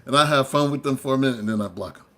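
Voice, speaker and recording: A male tarot reader tells his story to viewers in a loose, chatty way and drifts from one thought to the next. His voice sits in an ordinary middle pitch and is picked up by a close camera mic. He sounds relaxed and unscripted. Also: very fast. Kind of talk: casual storytelling monologue.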